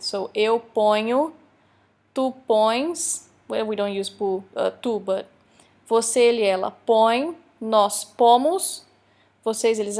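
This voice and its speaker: A woman, a Portuguese teacher explaining grammar in a recorded online lecture, with joking asides and slowly read examples. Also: a little high, a little mellow. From Brazil.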